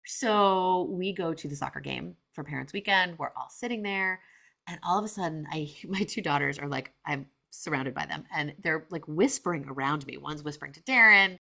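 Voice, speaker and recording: A woman in her forties tells a story on her podcast, chatty and animated, with plenty of fillers. Her voice sits low with a gravelly fry, and her tone is bright and crisp. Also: moderate pace. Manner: chatty, animated, many fillers and acted-out quotes. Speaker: podcast host. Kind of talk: casual storytelling monologue.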